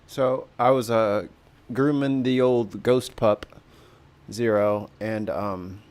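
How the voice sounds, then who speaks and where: A man's voice: fairly low pitch, steady tone, slow pace, darkish tone. A man telling a rambling story in a casual chat with friends, laughing often. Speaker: regular guest.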